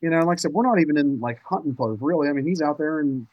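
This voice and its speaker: A man guesting on a podcast, telling hunting stories in an animated, excitable way with casual cursing. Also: fairly high pitch, quick pace, no room sound, muffled recording. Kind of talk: casual storytelling chat.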